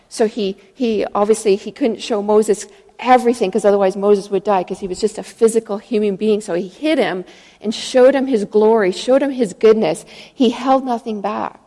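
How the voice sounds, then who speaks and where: A woman's voice: mid-range voice, fairly even intonation, moderate pace, warm tone, big-room sound. A woman preaching a sermon in a church, earnest and storytelling, retelling scripture stories and acting out the voices in them.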